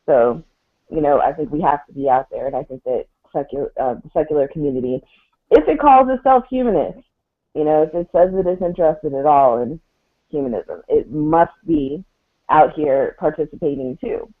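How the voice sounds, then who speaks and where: A man's voice: a little high, expressive, normal speed. A man speaking as a panelist in a discussion, earnest and emphatic. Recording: tinny phone-like call audio.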